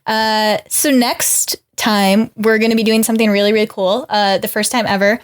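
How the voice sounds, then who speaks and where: A woman's voice: mid-range voice, fairly even intonation, moderate pace. A woman co-hosting a podcast, talking in a rambling, casual way and laughing often. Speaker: podcast co-host. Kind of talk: casual chat.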